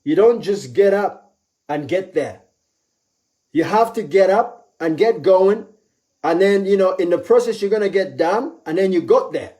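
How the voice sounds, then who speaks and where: Male motivational speaker, somewhat high voice, emphatic, repeats key lines. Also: lively intonation, a little slow, dark tone. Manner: acts out quoted voices with pitch jumps. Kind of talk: live motivational talk.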